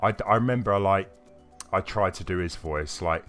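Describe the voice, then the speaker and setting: A gaming streamer with a low, fairly bright voice chats at a moderate pace on his live stream. Faint game music runs underneath as he responds to viewers in a loose, rambling way full of hesitations.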